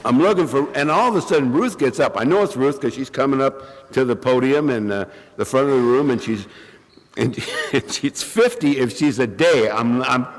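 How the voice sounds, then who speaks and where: In a reverberant hall, a Californian man with bronchitis tells a recovery meeting a wry story at his own expense, coughing now and then and acting out the quoted lines. His pitch is medium and his pace normal, and the talk is humorous storytelling.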